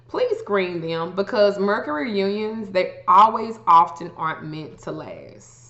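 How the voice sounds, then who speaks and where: A woman's voice: mid-range voice, a bit bright. A woman giving astrology advice in a blunt, profane, casual rant. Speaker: astrology vlogger. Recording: echoey room, dull lo-fi sound.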